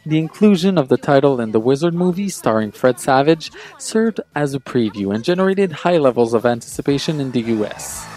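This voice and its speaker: A man narrates a scripted countdown with a lively, swooping pitch and a mellow, warm tone. He sounds enthusiastic and nostalgic. Faint music plays under his voice. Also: brisk, hardly any pauses. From Quebec, Canada. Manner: enthusiastic and nostalgic, talks fondly of childhood games. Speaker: video game reviewer.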